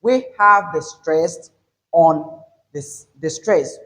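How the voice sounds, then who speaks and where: A man teaching an English pronunciation lesson, explaining step by step, repeating his points and stressing example words loudly. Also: a little high, drawn-out words, low-quality recording.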